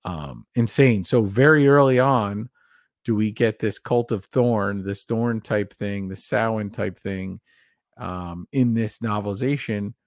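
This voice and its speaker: A man's voice: fairly low pitch, unhurried, no echo, studio quality. A man co-hosting a casual horror film podcast, talking with enthusiasm and rambling through trivia. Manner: enthusiastic, rambling, reads passages aloud. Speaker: podcast co-host.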